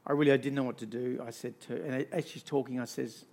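A male pastor preaching a sermon to a congregation, shifting between soft storytelling and loud, rousing exhortation built on repeated lists. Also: medium pitch, steady tone, fast talker, vocal fry. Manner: emphatic, repetitive lists.

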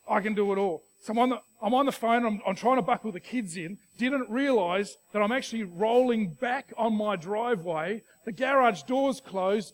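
A middle-aged Australian man preaching with an animated, storytelling delivery. His voice sits high for a man, and he often restarts his sentences. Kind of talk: sermon with personal story.

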